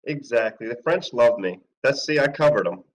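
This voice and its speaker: A man's voice: medium pitch, lively intonation, normal speed, poor audio. A man co-hosting a podcast in casual chat, joking and laughing at himself.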